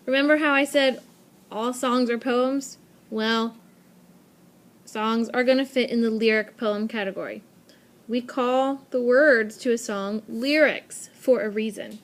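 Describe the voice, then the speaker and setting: A young adult woman narrates a classroom lesson recorded on a tablet. Her voice sits a little high for a woman. She explains in an upbeat, clear teacherly way and leans on repetition to drive key points home. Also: fairly even intonation, a little slow. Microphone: tablet microphone.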